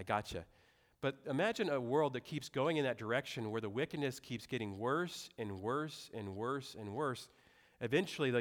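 A young adult man preaching a sermon in a conversational way, with asides and rhetorical questions. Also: mid-range voice. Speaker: pastor.

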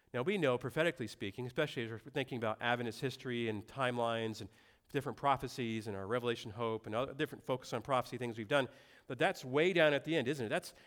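A man's voice: medium pitch, fairly bright tone. A young adult man preaching a sermon in a conversational way, with asides and rhetorical questions. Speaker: pastor.

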